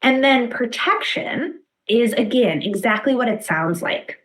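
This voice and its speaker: A woman with a fairly high voice gives an instructional lecture to professionals. She explains each idea step by step and keeps checking in with a quick "right?". Now and then she acts out a short phrase a parent might say. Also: lively intonation, low-quality recording. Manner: explains warmly with frequent "right?" check-ins. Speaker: therapist lecturer.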